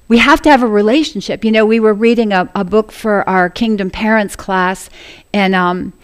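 A woman's voice: mid-range voice, normal speed, clear, resonant tone. A woman preaching a sermon to a congregation, earnest and laughing often as she speaks.

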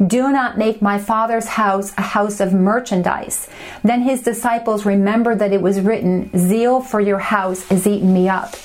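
A woman's voice: medium pitch, steady tone, moderate pace, darkish tone. A young adult woman teaching a Bible study, reading scripture passages aloud and then explaining them in a conversational way.

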